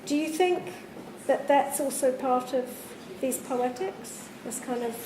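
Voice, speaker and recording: Her voice sits high and her pace is measured as a woman interviews a writer at a university's public literary event. She asks searching, thoughtful questions, recorded in an echoey space with background noise.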